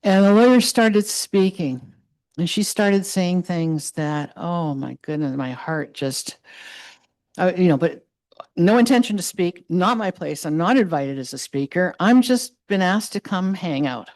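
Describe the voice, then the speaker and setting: A middle-aged woman giving an impassioned address to a community meeting, earnest and halting, rising to loud passion. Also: fairly low pitch, animated, dry recording. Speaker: guest speaker.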